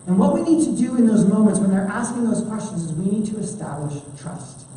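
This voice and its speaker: A woman giving an animated conference training talk to children's ministry volunteers, chatty and full of fillers. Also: mid-range voice, a little fast, hardly any pauses, slight background noise. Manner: chatty, animated, many fillers, acts out quotes. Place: large church hall. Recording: echoey hall from far off.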